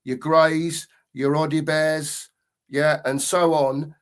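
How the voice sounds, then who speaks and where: A man's voice: on the high side, flat delivery, slow pace. A man in a casual football fan chat, rambling and thinking aloud with fillers.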